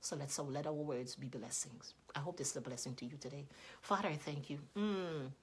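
A middle-aged woman preacher delivering an impassioned sermon, swinging between emphatic exhortation and quiet prayer. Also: deep voice, fairly quick, a little hiss or hum. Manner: impassioned, rising to emphatic peaks then dropping to quiet prayer.

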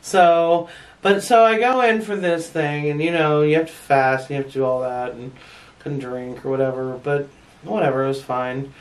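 A woman's voice: low-pitched, fairly even intonation, moderate pace, recorded from a distance. Chatty, laughing woman vlogger. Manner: chatty and frank, laughing often, with blunt swearing. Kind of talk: casual storytelling to camera.

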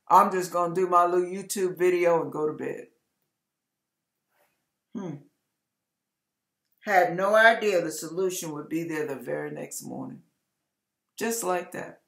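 A hoarse woman giving an encouraging devotional message as an online ministry preacher, with emphatic, repeated exhortations. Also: fairly low pitch, measured pace, pauses often, a bit bright. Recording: echoey room.

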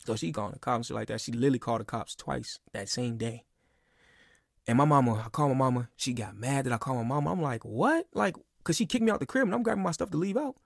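Speaking fast at medium pitch, this twentysomething podcast guest sounds creaky and slightly rough in a dry, clean studio recording. He rants casually and emphatically, swearing and repeating himself as the monologue circles around.

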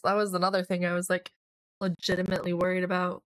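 A young woman hosting a casual let's play, chatting through her game and voicing quick lines for her characters. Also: lowish voice, fairly even intonation, a bit bright, no echo. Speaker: gaming channel host.

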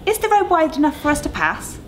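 A woman reading a story aloud and voicing a nervous female tour guide, speaking high and anxiously. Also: sing-song, fast talker, slight background noise.

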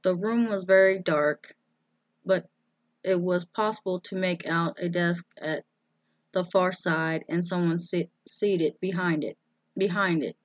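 A woman reading a children's storybook aloud, slowly and carefully. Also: lowish voice, steady tone, no room sound. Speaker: storybook reader.

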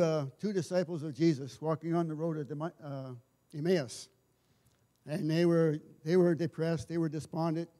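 Dark-voiced man preaching haltingly. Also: on the high side. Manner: halting, repeats and restarts words, conversational storytelling. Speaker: lay preacher. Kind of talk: informal sermon. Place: church service.

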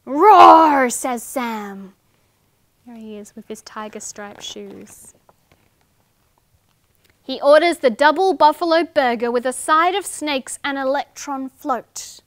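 A high-voiced woman reads picture books and leads rhymes for small children in a sing-song, animated manner. She speaks slowly and clearly, and the sound is close and dry. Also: no echo. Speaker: children's librarian. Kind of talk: children's storytime reading and rhymes.

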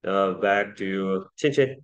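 Male classroom teacher, unhurried delivery, patient and repetitive, coaching vowel sounds. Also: low voice. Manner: slow, patient drilling, repeating sounds for students. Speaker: English pronunciation teacher. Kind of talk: classroom lesson.

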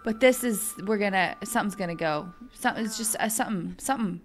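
A young woman giving excitable, chatty let's-play commentary as a gaming video host, thinking aloud as she plays. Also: medium pitch, quick pace, soft background music.

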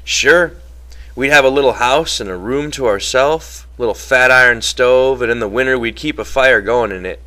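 A man voicing a guarded ranch worker in rough, plain rural speech. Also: mid-range voice, moderate pace, sharp tone, lightly acted. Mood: dreamy. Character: wary dreaming male ranch worker, guarded.

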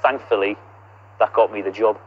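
A man who works as a voice-over narrator, talking about his job in a measured, deadpan way. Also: fairly low pitch, dull audio, noisy background. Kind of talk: mock-documentary interview and chat.

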